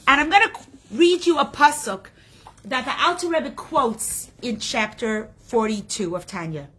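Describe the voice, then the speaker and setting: Husky, bright-voiced woman teacher. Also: sits high. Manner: earnest, emotional storytelling. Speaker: Torah class teacher. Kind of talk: storytelling lesson.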